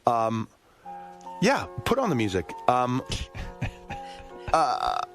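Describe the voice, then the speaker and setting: A man on a radio show telling a personal story in an earnest, halting way, with many pauses and restarts. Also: medium pitch, wildly swooping pitch, vocal fry, fairly bright tone, soft background music. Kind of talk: casual studio talk. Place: radio studio.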